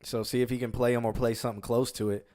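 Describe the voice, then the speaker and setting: A young man chats loosely on a music review stream, his sentences wandering and often breaking off. He laughs easily between his thoughts, and his voice sits at an ordinary middle pitch. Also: flat delivery, fast talker, mellow. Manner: rambling, laughs often, trails off mid-sentence. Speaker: co-host reviewing submitted music. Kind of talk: casual chat.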